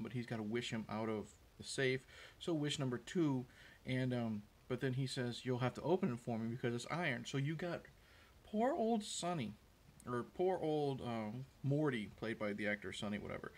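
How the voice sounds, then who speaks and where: A man hosting a show, casually recapping a movie scene in a rambling, hesitant way with many fillers and restarts. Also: medium pitch. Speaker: host. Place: room with a window.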